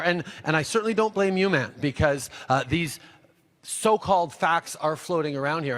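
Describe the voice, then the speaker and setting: Halting man answering in an echoey hall. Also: fairly high pitch, a bit bright. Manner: measured, halting with many uhs and restarts. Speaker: politician answering audience questions. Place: large public hall. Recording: echoey hall, long reverb.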